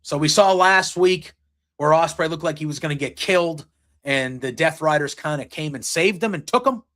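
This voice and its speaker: A man with a slightly raised voice hosts a podcast and chats through a wrestling recap. He gets excited and rambles a bit, retelling scenes and quoting lines as he goes. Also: a little high, moderate pace. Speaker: podcast host. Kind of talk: casual wrestling show recap. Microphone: streaming setup.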